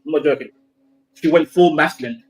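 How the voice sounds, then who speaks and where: A young man from Somalia tells a spooky story to his friends in loose, casual chat. He talks in an animated way, swearing freely and tripping over repeats and restarts. His voice sits a little high for a man. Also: fairly quick, heavy background noise.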